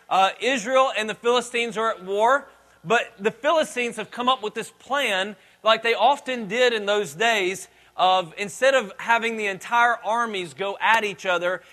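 A man's voice: sits high, sharp tone. A man pastor preaching a sermon, retelling the story casually with jokes and acted-out quotes.

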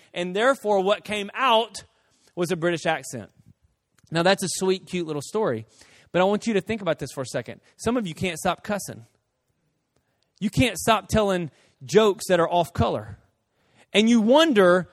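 A man preaching a sermon as pastor, animated, acting out voices of people and shouting some quotes. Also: sits high, moderate pace, dry recording, clean studio sound.

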